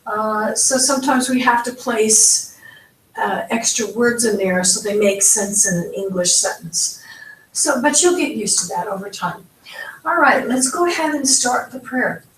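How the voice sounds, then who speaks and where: A woman's voice: fairly high pitch, measured pace, a bit bright, far from the mic, a little hiss or hum. A woman from the United States teaching a beginners' language lesson, patiently spelling out each sound step by step. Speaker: Hebrew teacher. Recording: echoey room, voice from off-mic.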